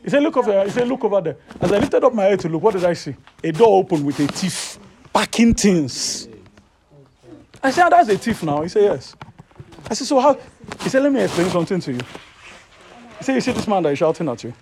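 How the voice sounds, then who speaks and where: A man with a Nigerian accent preaching a sermon, telling a personal story in an animated, rising voice. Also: sits high, quick pace, noisy background. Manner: animated, rises to loud excited storytelling.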